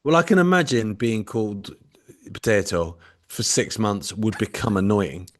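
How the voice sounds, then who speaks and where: A man's voice: fairly low pitch, moderate pace. A man from Britain co-hosting a podcast, talking in sarcastic, sweary, casual banter. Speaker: podcast co-host. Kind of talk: casual chat.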